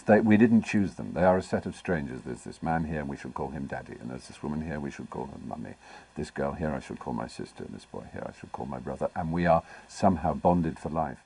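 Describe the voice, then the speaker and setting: Deep husky man telling wry stories. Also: no echo. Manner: articulate, wry and animated, with playful asides. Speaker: interview guest. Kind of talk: anecdotal interview storytelling.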